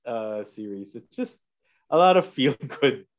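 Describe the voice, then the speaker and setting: A man with a mid-range voice retells a TV episode in casual chat. He narrates the action in an animated way, drops into quick impressions of the characters, and laughs easily along the way. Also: medium pitch. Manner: animated storyteller, acts out quotes, laughs often. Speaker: podcast host recapping a TV episode.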